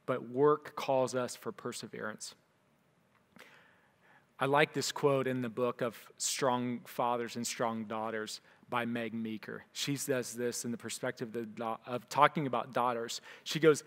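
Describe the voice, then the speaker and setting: A man's voice: medium pitch, steady tone, unhurried. A man who is a pastor giving a conversational sermon to his church, acting out the voices of people in his stories. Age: young adult to middle-aged; father of a young son. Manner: conversational, acts out quoted voices. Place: church hall. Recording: long hall reverb.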